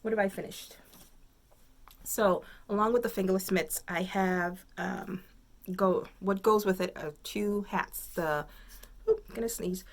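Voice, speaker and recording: A woman's voice: medium pitch, fairly even intonation, unhurried. A woman hosting a crafting video podcast from home, chatting casually and thinking aloud, rambling with many fillers. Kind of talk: casual chat.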